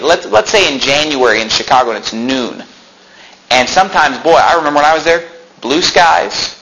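A pastor preaching a sermon in a church, explaining scripture with rhetorical questions and folksy asides. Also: male voice, on the high side, gravelly, fairly bright tone, a little hiss or hum, poor audio.

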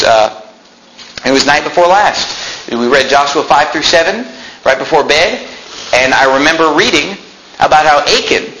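Fiery preacher man in an echoey room. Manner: fiery, swings between loud shouting peaks and low intense passages. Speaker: pastor. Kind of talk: preaching a sermon.

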